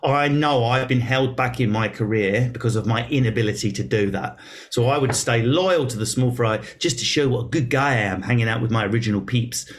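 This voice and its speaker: A man's voice: mid-range voice, brisk. A man with an Essex accent hosting a casual chat, blunt and joking, swearing freely. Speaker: podcast host.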